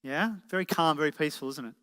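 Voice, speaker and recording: A fast, fairly high male voice, pushed and bright but smooth, drives this live motivational talk. Speaking to an audience in an event hall, he keeps asking rhetorical questions, and the recording has a reverberant quality.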